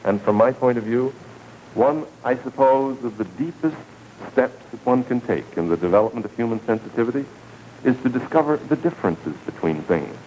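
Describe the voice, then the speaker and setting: A man giving a televised lecture in a measured, deliberate way, repeating key words for emphasis. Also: medium pitch, animated, darkish tone, slight background noise, low-quality recording.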